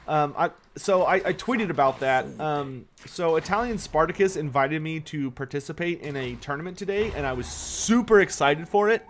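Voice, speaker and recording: A high-leaning voice at regular speed with few pauses comes through a slight hiss or hum. The man is live-streaming a strategy game, chatting and fielding questions from chat while tired and yawning, swearing when irritated.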